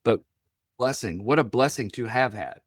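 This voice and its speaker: A man's voice: medium pitch, moderate pace, no room sound. Older man telling a story, dry sound. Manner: animated, acts out quoted dialogue. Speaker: guest. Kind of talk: storytelling interview.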